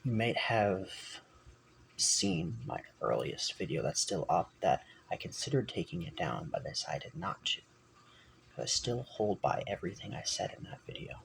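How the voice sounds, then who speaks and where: A man's voice: deep voice, sing-song, moderate pace, creaky, a little hiss or hum, rough recording. A man talking on his own channel in a meandering, self-correcting way, sometimes dropping almost to a whisper. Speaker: channel host. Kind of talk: rambling personal vlog talk.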